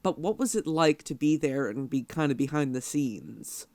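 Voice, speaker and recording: A man's voice: on the high side, animated, normal speed, a little mellow, no echo. Hesitant young male podcast host. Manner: hesitant, many fillers, laughs easily. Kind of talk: conversational interview.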